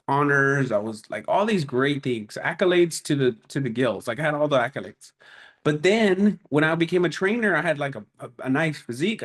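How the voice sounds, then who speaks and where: A man giving a casual, energetic motivational talk as a business coach, telling stories with emphatic punches. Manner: energetic, animated storyteller with emphatic "boom".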